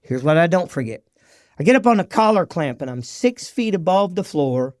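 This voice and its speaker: A man, a podcast guest, telling his recovery story in an animated, slangy way and acting out the dialogue. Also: on the high side, normal speed, no echo, clean studio sound.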